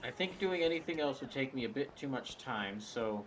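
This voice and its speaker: A man streaming a game, musing aloud in a relaxed, casual way. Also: medium pitch, moderate pace, background noise.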